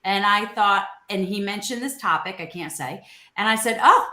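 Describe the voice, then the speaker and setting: A woman co-hosting, telling a story in an animated way and acting out the quoted dialogue. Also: medium pitch, normal speed. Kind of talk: casual storytelling. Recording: roomy echo.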